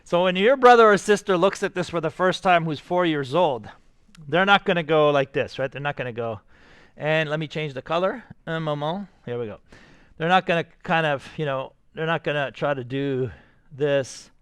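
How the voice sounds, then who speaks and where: An energetic male art teacher who talks his students through a live drawing demonstration. His voice sits a little high, and the recording is close and dry with no room sound. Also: normal speed, smooth, dry recording.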